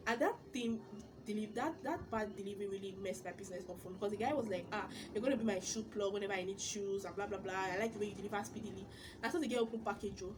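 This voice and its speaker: A young woman with a Nigerian accent talks straight to camera in a chatty vlog. She tells her stories with bursts of exclamation and words repeated for emphasis. Her voice sits at a middle pitch over a faint background hiss. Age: young adult. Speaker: vlogger. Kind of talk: casual storytelling vlog.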